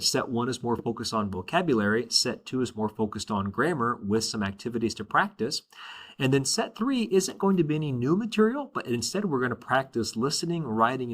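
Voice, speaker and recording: A man's voice: medium pitch, a bit bright. Guy teacher recording his class intro, upbeat, says uh a lot and keeps checking all right?. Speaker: Spanish teacher.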